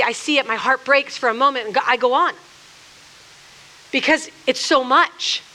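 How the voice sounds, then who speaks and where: A woman teaches scripture to a group in a room in an earnest, chatty way. She restarts sentences often and slips into little acted-out quotes. Her voice sits high and sounds bright. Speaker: speaker leading a church workshop. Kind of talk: conversational sermon.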